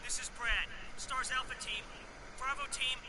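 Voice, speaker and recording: A man's voice: extremely high pitch, steady tone, normal speed, pushed and bright, a little hiss or hum, exaggerated voice, poor audio. An actor playing a male squad pilot making urgent radio calls in a video game. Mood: calling out. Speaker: game character.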